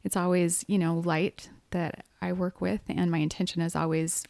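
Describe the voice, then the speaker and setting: A woman's voice: lowish voice, flat delivery, normal speed, gravelly, darkish tone, no room sound. A woman co-hosting a casual podcast, explaining tarot cards in a chatty, easy way with bursts of laughter. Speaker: podcast co-host, medium.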